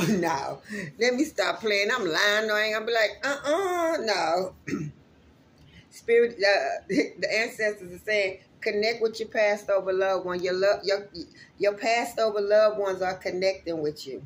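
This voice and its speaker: A spiritual reader gives her viewers a casual reading, chatty and emotional, addressing them directly and swearing freely. She speaks a little slowly at medium pitch, with slight background noise.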